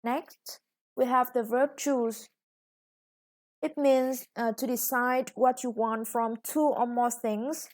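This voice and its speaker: A woman gives an English vocabulary lesson, going word by word with many pauses and fillers. Her voice sits a little high, and she speaks at an unhurried pace. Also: steady tone. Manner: patient, explains words one by one with fillers. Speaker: English teacher.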